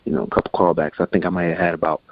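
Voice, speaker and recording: Man, 40s, interview guest; deep voice, animated raconteur, dull lo-fi recording. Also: rapid-fire, no echo. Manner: animated, acts out quotes in voices. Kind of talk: casual storytelling. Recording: dull lo-fi sound.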